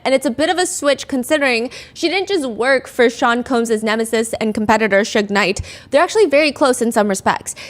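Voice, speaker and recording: A young adult woman hosting a podcast, telling a true-crime story in a casual, conversational way and reading out quotes with animation. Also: fairly high pitch. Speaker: podcast host.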